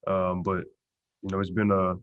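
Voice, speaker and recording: Man, low voice, press conference answers, low-key, filler-heavy, dull lo-fi sound. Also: completely flat delivery, normal speed. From Texas. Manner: low-key, lots of "you know" and "uh" fillers. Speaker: pro football player at media day. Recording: dull lo-fi stream audio.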